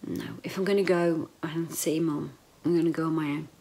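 Gravelly low-voiced woman vlogging. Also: fairly even intonation, a little fast, dark tone, slight background noise. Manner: emotional, rambling, drifts into whispers. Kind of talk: casual personal video diary.

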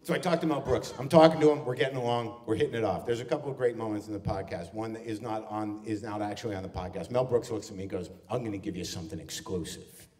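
A man, a comedian, telling a long story on a theater stage in front of a live audience, quickly slipping into voices of the people in it. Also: on the low side. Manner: animated, does quick voices of people in his stories. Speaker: guest comedian. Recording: distant stage mic.

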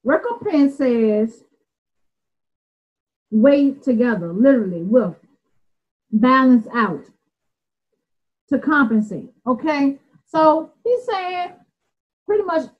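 A woman with a Southern US drawl leads an informal Bible study in a high, earnest voice. She talks plainly, circling back and restarting her words as she explains them. The sound is muffled and lo-fi. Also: animated, takes it slowly, pauses often. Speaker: Bible teacher.

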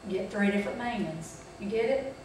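A woman's voice: medium pitch, fairly quick, a little mellow, a little hiss or hum. Woman teaching a Bible class. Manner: folksy, asks the group questions. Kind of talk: church training talk. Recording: echoey room from far off.

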